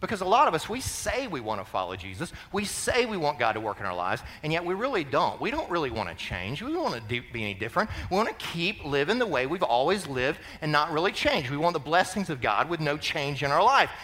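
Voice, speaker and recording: A man preaching a sermon as pastor, animated and conversational, bursting into shouts when he quotes the cries he is telling about. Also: a little high, quick pace, hardly any pauses. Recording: long reverb of a large hall.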